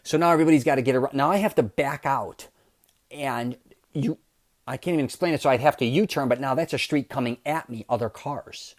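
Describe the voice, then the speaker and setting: A man hosting his own podcast, telling a story in a casual, animated way, swearing and swinging from loud outbursts to low asides. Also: fairly quick, dry recording, studio quality. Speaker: podcast host.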